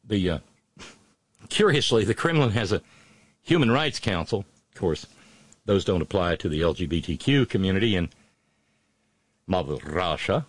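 Halting, sarcastic male news commentator. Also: fairly low pitch, very animated, no echo. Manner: hesitant, many fillers and restarts, sarcastic. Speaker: political commentator.

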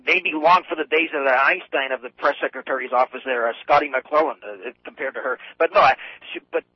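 A man from New Hampshire with a New England accent calls in to a talk radio show, talking in a halting, rambling way with many restarts. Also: mid-range voice, breathy edge, no room sound. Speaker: caller. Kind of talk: phone-in call. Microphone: telephone. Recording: muffled phone line.

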